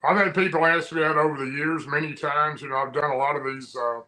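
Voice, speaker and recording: A man's voice: on the high side, fairly even intonation, brisk, pushed and bright, rough recording. A man, a guest on an interview, telling a personal story in a rambling, folksy way with frequent restarts. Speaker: guest recounting an encounter. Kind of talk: casual storytelling.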